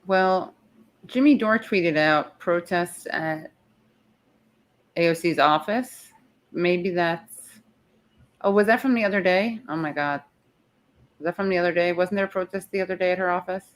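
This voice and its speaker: A woman with a low voice hosts a casual live chat. She sounds tired and rambles, circling back and breaking off her own sentences as she thinks aloud. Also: measured pace, pauses often. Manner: chatty, rambling, self-interrupting. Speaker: show host. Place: in the city, not her usual spot.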